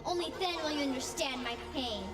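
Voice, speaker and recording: A woman's voice: high-pitched, fairly quick, close to an everyday voice. A woman voicing a bitter, vengeful ghost girl in a video game cutscene, scornful and cursing. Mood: raging. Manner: bitter, scornful, rising to screamed threats. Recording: echoey, distant, loud music behind.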